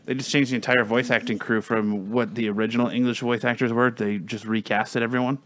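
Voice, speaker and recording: A man's voice: medium pitch, level tone, brisk, fairly bright tone. A man chatting casually, rambling with many restarts, fillers and some swearing. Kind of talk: casual chat.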